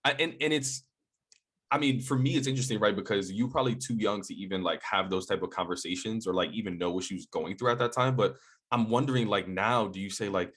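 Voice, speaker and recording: A podcast host asking casual, animated questions in an interview. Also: low-pitched, quick pace, breathy edge.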